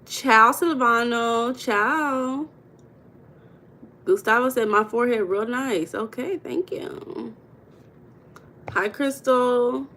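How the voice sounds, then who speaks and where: A woman's voice: on the high side, slow pace, pauses often, pushed and bright, slight background noise. A woman from the United States hosting a casual livestream, greeting viewers by name and talking about money mindset in a chatty, playful way.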